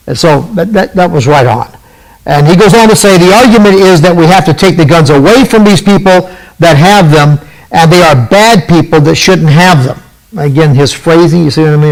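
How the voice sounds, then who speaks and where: A male radio host delivers opinionated political commentary in a fairly high-pitched voice. His delivery is emphatic and sarcastic, with sharp climbs on indignant questions. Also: poor audio.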